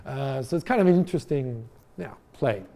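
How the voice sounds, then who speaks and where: Guy giving a college lecture, chatty, lots of uhs, mellow warm voice. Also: mid-range voice, expressive, fairly quick. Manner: conversational, with many fillers and restarts; addresses audience directly with questions. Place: lecture hall.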